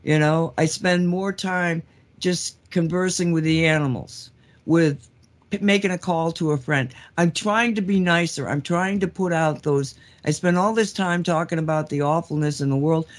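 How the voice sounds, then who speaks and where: A man's voice: fairly high pitch, moderate pace. A man co-hosting a casual show, speaking earnestly and candidly, chuckling at his own remarks. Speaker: co-host. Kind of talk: casual call-in show chat.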